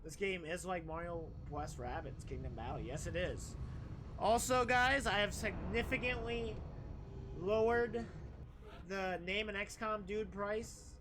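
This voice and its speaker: A man's voice: high voice, unhurried, background noise. A young man streaming a game, chatting casually in a rambling, crude, joking way. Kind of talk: casual live-stream chat while gaming.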